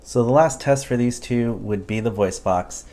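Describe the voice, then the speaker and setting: A man casually reviewing collectible toys, thinking aloud with relaxed ums. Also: medium pitch, normal speed. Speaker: toy reviewer.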